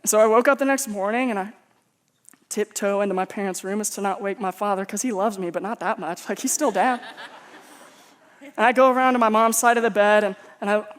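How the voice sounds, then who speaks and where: A man's voice: high-pitched, steady tone, fairly quick, a bit bright. Male pastor from Texas, casual sermon storyteller, joking and self-deprecating. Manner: humorous, conversational, self-mocking.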